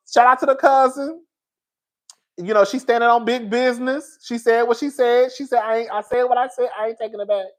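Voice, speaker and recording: A man talking casually to his viewers as a pop culture commentator, in slangy, animated speech and often laughing as he riffs. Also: sits high.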